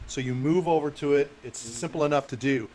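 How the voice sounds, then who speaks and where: Man, game master, tabletop game, halting description, slightly high voice, faint background noise. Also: a little mellow. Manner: halting, self-correcting description.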